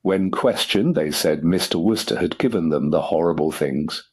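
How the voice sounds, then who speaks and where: A man's voice: rumbling low, normal speed, slightly rough. A man voicing a cold, stern schoolmistress who speaks in icy, clipped, disapproving tones. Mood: angry.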